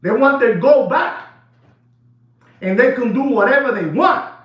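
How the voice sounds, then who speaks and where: Animated man speaking in an echoey room. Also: extremely high pitch, a little slow. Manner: animated, repetitive, shouts and laughs, mixes in Spanish. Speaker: watch dealer hosting a video. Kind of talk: excited off-the-cuff monologue. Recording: echoey room, dull sound.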